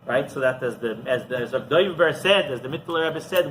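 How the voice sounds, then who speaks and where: Animated rabbi telling a story. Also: male voice, mid-range voice, fairly quick, a little hiss or hum, poor audio. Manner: animated storyteller who often asks "right?". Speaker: rabbi teaching a class. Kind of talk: storytelling Torah class.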